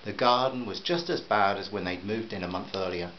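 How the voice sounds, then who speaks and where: Low-voiced man narrating a story. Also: fairly quick, highs cut off, a little hiss or hum. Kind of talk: scripted narration.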